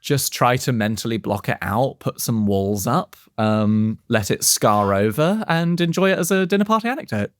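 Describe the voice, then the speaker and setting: A man with a mid-pitched voice co-hosting a comedy podcast, giving listeners advice in a wry, dry way. The recording is close and dry, with no room sound. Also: lively intonation, normal speed, few pauses, no room sound. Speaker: podcast co-host. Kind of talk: casual comedic chat.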